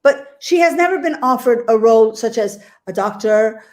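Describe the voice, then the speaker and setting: A woman's voice: a little high, animated, normal speed, a little mellow. A woman hosting a casual interview chat, talking emphatically and animatedly with repeated words and restarts. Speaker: talk show host.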